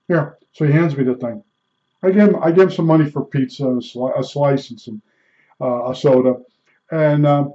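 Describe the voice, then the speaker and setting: A rambling, folksy man chats through a loose monologue, full of fillers and restarts. His voice sits a bit high yet sounds mellow and dark. The recording is muffled and lo-fi. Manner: imitates beeps with his mouth. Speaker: storyteller. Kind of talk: casual monologue. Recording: dull lo-fi recording.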